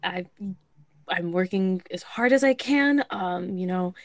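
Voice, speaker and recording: A woman playing a tabletop game, earnest and eager with hesitant pauses. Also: lowish voice, no echo. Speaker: player.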